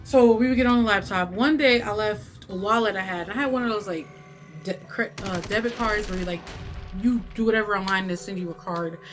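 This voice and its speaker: A woman telling a story to camera in a casual vlog, animated and cursing freely, with lots of "like" and "right?". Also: medium pitch, a little fast, slight background noise. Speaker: YouTube storyteller.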